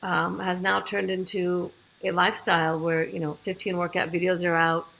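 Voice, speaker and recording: Animated woman with a gravelly edge. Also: on the low side, moderate pace, poor audio. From United States. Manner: animated, acts out quoted dialogue. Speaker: fitness program founder, guest. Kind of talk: podcast interview storytelling.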